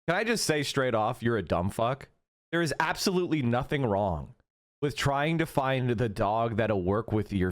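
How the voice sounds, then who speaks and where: Animated, profane man reacting to clips. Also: mid-range voice. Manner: heated, mocking, swears constantly. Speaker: stream host reacting to clips.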